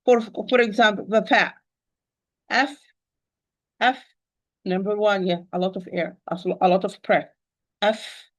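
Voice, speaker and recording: A woman's voice: mid-range voice, fairly quick, hardly any pauses. A woman teaching Quran recitation in an online lesson, patiently repeating points and addressing her listeners as dear sister.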